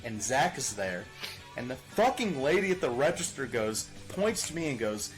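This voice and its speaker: A man casually chatting with his stream viewers, rambling and animated, laughing and swearing freely as he talks. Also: mid-range voice, normal speed. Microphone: desk microphone. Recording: music playing behind the voice.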